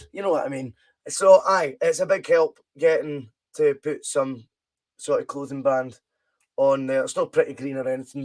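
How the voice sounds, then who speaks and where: A Scottish man hosts a relaxed live stream, his voice pitched slightly above the usual male range. He banters easily and reads out viewer comments as he plays a football management game. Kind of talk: casual live-stream chat.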